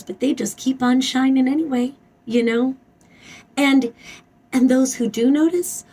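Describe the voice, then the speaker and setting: A woman's voice: sits high, warm tone, slightly rough, far from the mic, poor audio. A woman giving a spoken tarot reading, emphatic and blunt, swearing freely and repeating her phrases. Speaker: tarot reader.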